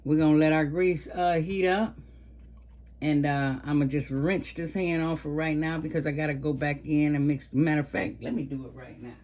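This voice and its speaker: Her voice is low and a little mellow, with fairly even intonation and a normal speed. She's a cooking vlogger over fifty, chatting casually with viewers while she seasons and fries chicken.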